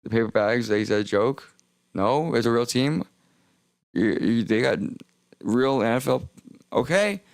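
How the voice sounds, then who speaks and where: A young man streaming a rambling, profane monologue with heavy vocal fry, often stopping and restarting mid-sentence. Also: medium pitch, moderate pace, pauses often, dry recording. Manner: rambling, profane, self-interrupting.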